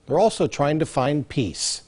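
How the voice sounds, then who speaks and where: A man's voice: on the high side, big pitch swings, a little slow, darkish tone, slightly rough. A man, a news anchor, reading the introduction to an interview segment.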